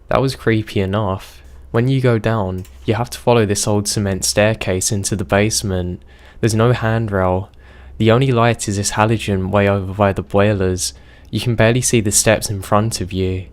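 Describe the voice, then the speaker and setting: A man reading reader-submitted horror stories aloud as a scripted narration, in a steady, measured way. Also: on the low side.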